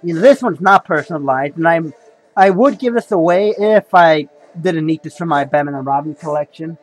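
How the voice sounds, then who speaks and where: Rambling high-voiced man showing comics. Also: animated, moderate pace, faint music behind, poor audio. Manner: rambling, repeats himself, says "folks" and "you know". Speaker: comic collector vlogger. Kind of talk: casual haul video talk.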